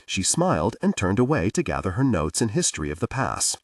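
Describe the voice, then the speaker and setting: A man narrating a thriller audiobook in a measured storytelling manner. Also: on the low side, big pitch swings, husky, dry recording. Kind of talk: scripted narration. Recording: dry, distant-miked.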